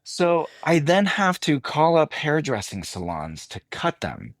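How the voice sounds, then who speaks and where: A man, an actor guest, telling an animated anecdote in a casual interview and voicing the people in it. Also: fairly high pitch, a little slow, no room sound. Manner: animated anecdote telling, voices others in quotes.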